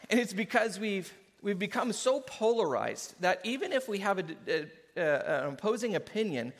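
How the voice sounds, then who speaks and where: A man preaching a sermon in an animated way, often laughing and acting out what people say. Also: sits high, a little fast, hardly any pauses. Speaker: pastor. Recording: hall reverb.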